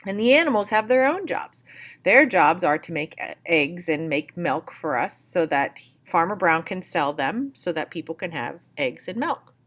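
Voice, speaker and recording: Slow, patient woman teacher. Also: medium pitch, fairly bright tone. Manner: patient, explains words step by step. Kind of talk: picture book read-aloud lesson.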